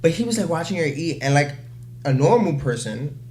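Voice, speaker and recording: A man's voice: fairly high pitch, big pitch swings, brisk, darkish tone, a little hiss or hum. A young man co-hosting a casual podcast, talking animatedly and acting out quotes from scenes. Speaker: podcast co-host. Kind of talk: casual chat.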